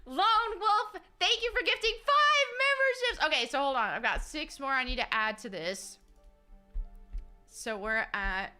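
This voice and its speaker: Female game streamer, high bright voice, giggly and chatty, reads chat aloud. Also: expressive, takes it slowly, pauses often, faint music behind. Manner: chatty and giggly, with frequent fillers and restarts. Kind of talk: casual live-stream chat, reading viewer messages.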